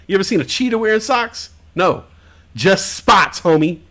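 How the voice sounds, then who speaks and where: A man's voice: sits high, sing-song, normal speed, fairly bright tone. Rambling, joking male stream host. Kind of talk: casual live-stream chat. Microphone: headphones and desk mic at home stream.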